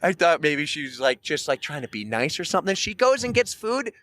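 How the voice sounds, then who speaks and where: A man from New Hampshire, a podcast co-host telling a story in casual chat, loud and animated, acting out quoted voices. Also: on the high side, a little fast. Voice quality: loud, carrying voice.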